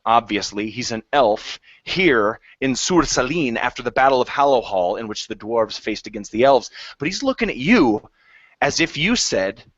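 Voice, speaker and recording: A man narrating a tabletop game as game master, in a measured, descriptive way, on a lo-fi recording. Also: medium pitch, big pitch swings, a bit bright, no room sound. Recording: dry lo-fi recording.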